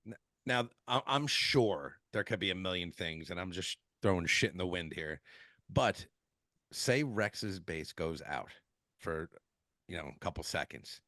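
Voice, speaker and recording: A man's voice: low-pitched, expressive, a little slow, pushed and bright, no room sound. A man hosting a podcast in casual interview chat, laid-back, with lots of agreeing and some swearing. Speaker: podcast host.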